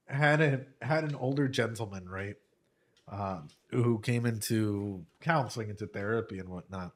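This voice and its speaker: A man doing casual reaction commentary in an ordinary mid-pitched voice. He curses freely and breaks into laughter often. He sounds emotional as he tells a heartfelt story. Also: lively intonation, unhurried, fairly bright tone. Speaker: anime reaction host.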